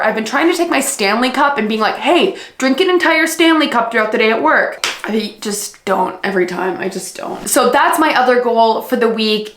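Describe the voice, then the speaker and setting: A woman's voice: mid-range voice, fairly bright tone, reverberant. A young woman in her twenties chatting casually in a vlog, gushing and full of fillers as she unboxes things. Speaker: book vlogger.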